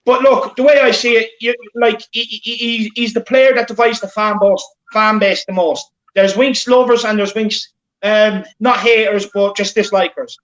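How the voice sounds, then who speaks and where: A man's voice: high voice, steady tone, normal speed, a bit bright. A man with an Irish accent hosting a casual fan podcast, rambling with lots of fillers and enthusiasm. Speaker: podcast host. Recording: roomy lo-fi call with faint noise.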